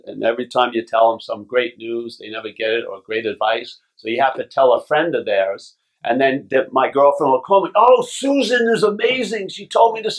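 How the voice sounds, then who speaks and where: A man gives a spiritual teacher's talk at a retreat. His delivery is casual and blunt, with the odd curse word and a habit of asking "yeah?" to keep the room with him. His voice sits at an ordinary middle pitch for a man. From Long Island, New York. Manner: casual and blunt, with swearing and frequent checks of "yeah?". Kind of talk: talk to a retreat group, reading passages aloud. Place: retreat gathering.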